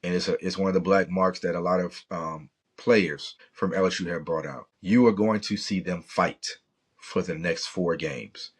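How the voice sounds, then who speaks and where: A man's voice: sits low, fairly even intonation, normal speed, breathy edge. A middle-aged man from Louisiana hosting a sports podcast, talking passionately in a rambling way with Southern slang. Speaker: podcast host. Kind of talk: sports opinion talk.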